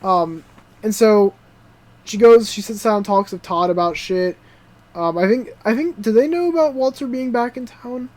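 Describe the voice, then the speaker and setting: A young adult man co-hosting a podcast, excitedly recapping a TV show in casual chat, full of swearing and "dude" and "like" fillers. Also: sits high, normal speed. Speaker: podcast co-host.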